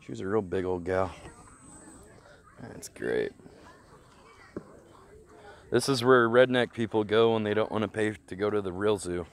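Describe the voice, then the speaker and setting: A man's voice: on the low side, lively intonation, unhurried, long pauses, a little hiss or hum. A man live-streaming from an outdoor petting zoo, talking nonstop with crude, joking banter into a handheld mic. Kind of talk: casual live-stream commentary.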